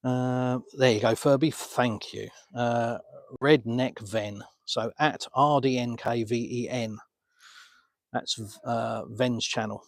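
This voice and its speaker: A man's voice: medium pitch, fairly even intonation, takes it slowly, creaky, no room sound. An Englishman casually answering viewer comments on a live stream from a beach, filmed on a phone. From England. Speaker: vlogger answering live chat. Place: outdoors on a beach.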